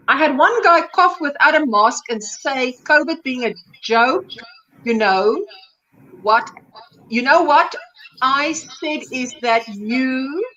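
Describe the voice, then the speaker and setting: A high-pitched woman hosts a casual livestream, reading out viewers' comments and chatting back about them. The sound is dull and lo-fi. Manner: reads comments aloud and reacts warmly. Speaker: livestream host.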